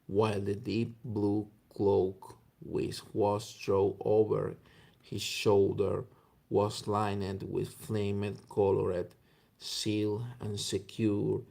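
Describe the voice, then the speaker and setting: A man reading a classic story aloud slowly and haltingly, stumbling over words. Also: lowish voice, creaky, mellow, breathy edge. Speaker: reader.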